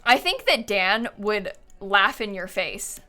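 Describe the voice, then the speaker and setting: A woman's voice: medium pitch, very animated, slow pace, sharp tone. A woman streaming live, chatting casually and thinking aloud as she builds, with frequent ums and laughs.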